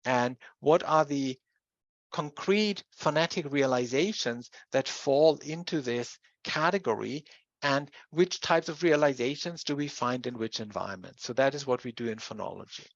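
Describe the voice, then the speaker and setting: A lecturer giving a university lecture, explaining slowly with pauses and restarts. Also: medium pitch, no echo, lo-fi sound. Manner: explanatory, with pauses and self-corrections.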